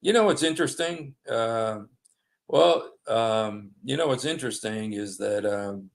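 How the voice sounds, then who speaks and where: A man hosting a livestream, reading passages aloud in a halting way, with many fillers and apologies. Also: medium pitch, vocal fry. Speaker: livestream host. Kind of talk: casual livestream commentary reading texts aloud. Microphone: desktop streaming mic.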